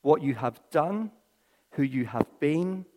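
A man's voice: on the high side, slow, a little hiss or hum. Man preaching in a reverberant hall. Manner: storytelling, swinging from hushed to excited. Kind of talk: sermon. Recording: long reverb of a large hall.

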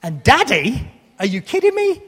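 A man's voice: very high-pitched, wildly swooping pitch, normal speed, a bit bright, breathy edge. A man in his thirties preaching a sermon, candid and self-deprecating with touches of humor. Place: church hall. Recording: long reverb of a hall.

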